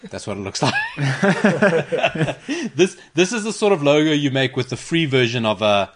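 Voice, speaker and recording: A man's voice: a little high, measured pace, a little hiss or hum. A man hosting a sports podcast in a studio, chatting casually and laughing often while he tells stories and explains a game. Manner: animated, laughs often, storytelling. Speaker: podcast host. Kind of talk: casual chat. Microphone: studio microphone.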